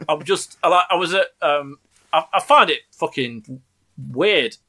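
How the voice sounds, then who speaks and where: A man's voice: on the high side, lively intonation, unhurried, pushed and bright. A man co-hosting a casual podcast who teases his partner and laughs often. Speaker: podcast co-host.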